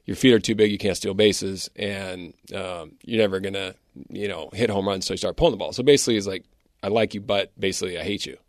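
Low-voiced, fast-talking male guest. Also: dry recording, studio quality. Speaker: guest, former baseball player. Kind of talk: casual interview chat.

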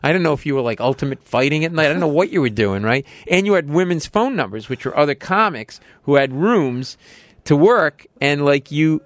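A man who is a comedian, telling a story in a casual podcast interview and acting out other people with sudden high shouts. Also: lively intonation, fairly quick, no echo.

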